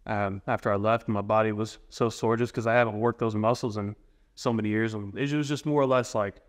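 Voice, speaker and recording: A man's voice: fairly low pitch, fairly even intonation, brisk. A man in his twenties, a training client, chatting casually as a guest in an interview. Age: 20s. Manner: easygoing, rambling, many fillers and restarts.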